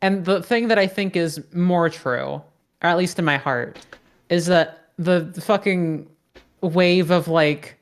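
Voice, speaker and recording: A woman co-hosting a game podcast, musing in a halting way and swearing casually. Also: lowish voice. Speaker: podcast co-host. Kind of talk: let's-play podcast chat.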